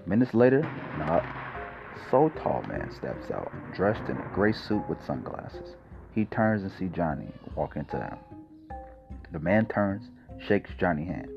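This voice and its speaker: A man's voice: sits low, sing-song, unhurried, gravelly, dull audio, music in the background. A man casually narrating a homemade crime story, with loose phrasing and slips.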